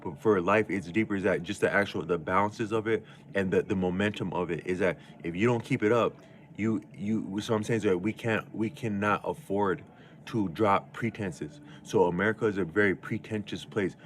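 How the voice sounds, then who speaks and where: A man's voice: sits low, moderate pace, slight background noise. A man talking to his chat in a casual livestream monologue, rambling and slangy, with many restarts.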